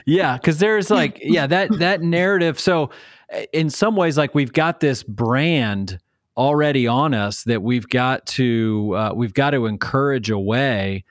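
A man's voice: mid-range voice, measured pace, no room sound, clean studio sound. A man co-hosting a podcast, affirming his partner and speaking encouragingly, often trailing off and restarting. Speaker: podcast co-host. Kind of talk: casual conversational podcast.

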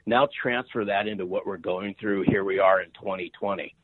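A man's voice: low voice, fairly even intonation, normal speed, no echo. A man in his fifties, a sales author and podcast guest, talking emphatically and often asking "right?". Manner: emphatic, repeats words, asks "right?" often. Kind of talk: energetic interview talk. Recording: tinny phone-line sound.

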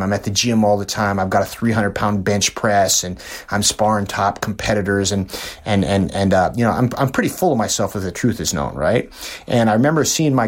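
Husky-voiced man telling motivational stories. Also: lowish voice. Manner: folksy, repeats words and restarts often. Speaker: podcast host. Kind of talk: motivational storytelling.

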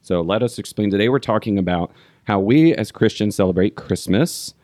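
A man's voice: on the low side, moderate pace, mellow, no room sound, studio quality. A man hosting a Christian podcast, running a lyric quiz with playful, mock-stern banter. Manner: teasing, mock-stern quizmaster.

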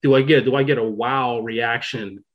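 A man hosting a podcast in casual chat, talking in an excitable, rambling way, full of "like" and "you know.". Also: medium pitch, normal speed, muffled recording. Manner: rambling, excitable, many fillers. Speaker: podcast host.

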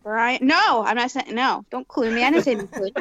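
A woman chatting casually during a party word game, giggling and slowly repeating phrases as she works them out. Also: on the high side, lively intonation, a bit bright. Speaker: game player. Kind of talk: casual chat.

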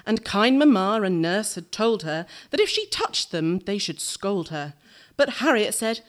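A woman's voice: medium pitch, very animated, unhurried. A woman performing a dramatic verse reading live on a theatre stage, playful and laughing between lines.

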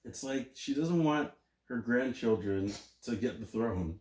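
A man co-hosting a podcast in casual chat, joking with quick interjections. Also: mid-range voice, expressive, darkish tone, distant mic. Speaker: podcast co-host. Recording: roomy room sound.

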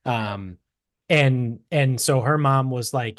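A man's voice: medium pitch, takes it slowly, no room sound. Man, early thirties, Boston accent, casual podcast chat, lots of cursing, dry close mic. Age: 30s. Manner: animated, swearing storyteller. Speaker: podcast co-host.

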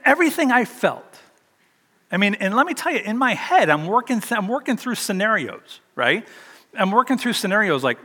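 A man's voice: high voice, very animated, fairly quick, sharp tone, long reverb tail. An older man preaching a sermon, telling a personal story in a chatty, self-deprecating way. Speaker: pastor.

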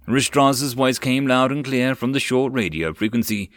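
A man narrating a web novel audiobook, expressive and swinging with the action. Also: mid-range voice, moderate pace, no echo, studio quality. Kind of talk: reading a web novel aloud.

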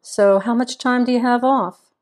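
A woman's voice: a little high, fairly even intonation, moderate pace, darkish tone, voice pushed up, natural voice. A woman reading the part of a small-town sheriff, a former city detective, with dry, understated wit in an audiobook. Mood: teasing.

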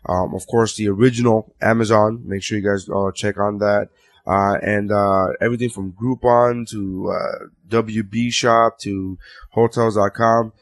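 Low-voiced man plugging sponsors loosely. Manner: loose, filler-heavy, rambling plugs. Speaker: podcast host. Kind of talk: casual chat.

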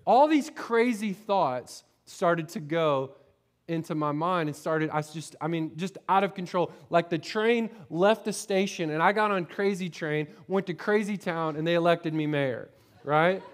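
A man's voice: on the high side, a little slow. A middle-aged man from Florida, a pastor preaching a sermon, telling a personal story in a conversational way, often repeating words and checking in with the congregation. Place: church sanctuary.

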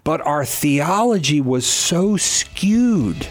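Animated middle-aged man talking scripture. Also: a little high, extremely slow, faint music behind. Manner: animated, acts out quoted speakers. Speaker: guest. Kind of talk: casual talk on Bible teaching.

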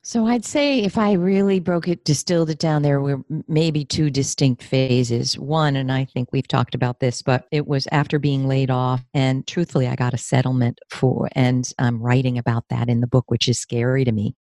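At a moderate pace and with hardly any pauses, this woman in her fifties, a New York State therapist and career coach, opens up in an interview. She's emotional and expressive, and her voice climbs in pitch when feelings run high. The recording is dry and studio-clean.

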